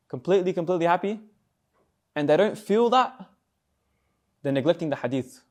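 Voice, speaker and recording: A man's voice: a little high, a little mellow. Young man, casual student sermon. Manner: conversational, asks listeners questions, repeats words. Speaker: speaker at a student Islamic society talk.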